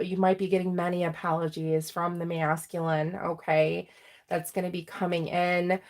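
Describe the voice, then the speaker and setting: Chatty woman giving a tarot reading. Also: lowish voice. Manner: chatty, filler-heavy, checks in with "right?" and "okay?"; laughs often and gets emotional while reading. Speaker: tarot reader. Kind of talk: casual tarot reading to camera.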